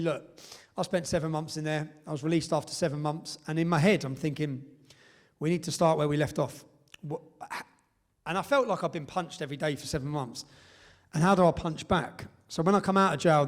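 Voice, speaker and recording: An English man speaking to a live audience in a fairly high register, telling his story with force. He presses each point and often checks in with a quick "yeah?" as he goes. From England. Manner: emphatic, tags points with "yeah?". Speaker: speaker at a public event.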